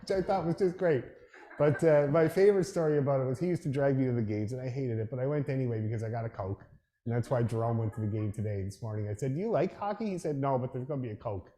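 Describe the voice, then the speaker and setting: A middle-aged man leading a fiddle rehearsal and telling a story in a chatty, dryly humorous way, breaking into loud imitations of the people he quotes. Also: mid-range voice, fast, background noise. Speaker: orchestra leader.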